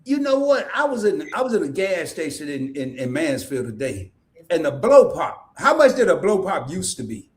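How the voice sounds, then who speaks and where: A man with a Southern US accent hosting a casual interview, telling animated stories and laughing often. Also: a little high, normal speed. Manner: animated storyteller, laughs often, mimics sayings. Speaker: podcast host.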